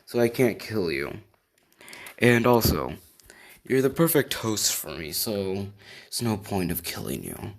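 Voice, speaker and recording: A blunt, matter-of-fact male alien symbiote, as a man puts him on. The voice sits a little low and talks in a plain, casual way. It hardly changes from the narrator's own. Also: very animated, a little slow, long pauses. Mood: calm.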